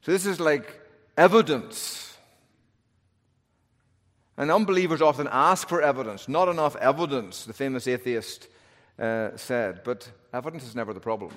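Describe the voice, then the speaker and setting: A man's voice: mid-range voice, normal speed, pauses often, a bit bright. A man preaching an expository sermon, telling the story with wry humor and shifting emphasis. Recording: long hall reverb.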